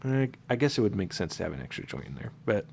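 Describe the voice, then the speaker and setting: A man's voice: fairly low pitch, very animated, fast talker, vocal fry, darkish tone, a little hiss or hum. A man with a stuffed-up, congested nose, casually walking viewers through a modding tutorial, explaining loosely with fillers and self-corrections. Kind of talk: casual screen-recorded tutorial.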